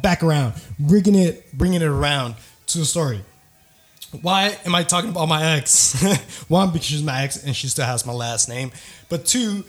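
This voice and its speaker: A young man hosting a podcast, telling rambling, profane stories in casual slang, often laughing as he goes. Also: fairly high pitch. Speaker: podcast host. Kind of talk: casual storytelling chat.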